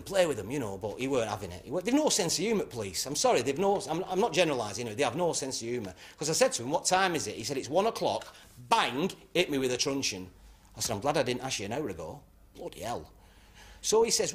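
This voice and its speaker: An actor playing a brash club comedian, telling rambling anecdotes that end in punchlines. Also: male voice, mid-range voice, close to an everyday voice. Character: brash northern male club comic. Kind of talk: stand-up routine.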